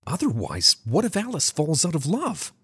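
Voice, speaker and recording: A reader voicing a timid, flustered young man in love who speaks in a squeaky, hesitant way. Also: huge pitch swings, normal speed, a bit bright, breathy edge, no room sound, studio quality, full character voice. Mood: pondering.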